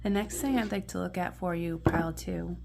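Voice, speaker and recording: A woman reads tarot cards in a low, gravelly, mellow voice, gentle and encouraging. She often sinks into soft whispers while studying the imagery, and a faint hum sits behind her. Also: steady tone, fairly quick. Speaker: tarot reader. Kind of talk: pick-a-card tarot reading.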